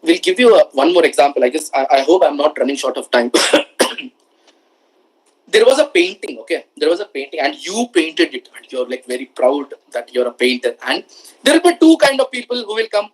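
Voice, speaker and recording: A motivational speaker talks to students in a mid-range voice with big pitch swings and a breathy edge, going fairly quickly. The delivery is emphatic, with repeated lines and frequent questions to the listeners, captured in a rough recording.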